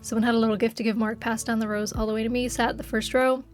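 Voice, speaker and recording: A woman streamer talks casually into her desk microphone, reacting to chat with a bright, high-pitched voice. She giggles often and gets excited easily. Faint music plays quietly behind her. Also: quick pace.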